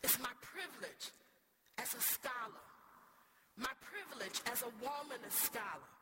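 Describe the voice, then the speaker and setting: A woman's voice: fairly high pitch, expressive, a little slow, very noisy. A woman scholar preaching a storytelling sermon with impassioned, rhetorical repetition to a church congregation. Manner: impassioned and rhetorical, with repeated phrases. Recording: loud background ambience.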